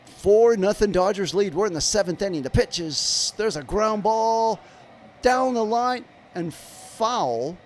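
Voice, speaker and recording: A man's voice: sits high, animated, measured pace, a little hiss or hum. A man giving live play-by-play of a baseball game on a stream, chatting in rambling asides with viewers. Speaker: livestream baseball commentator.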